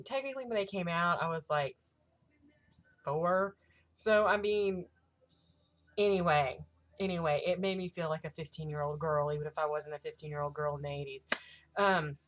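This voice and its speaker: A woman in her thirties telling a story in a casual vlog, excitable and gushing, with a habit of swearing. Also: fairly low pitch, moderate pace, pauses often. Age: 30s. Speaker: vlogger.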